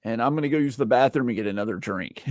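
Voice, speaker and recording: A man guest on a casual gaming stream chat, easygoing and animated. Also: medium pitch, fast, dry recording, studio quality. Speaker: guest YouTuber.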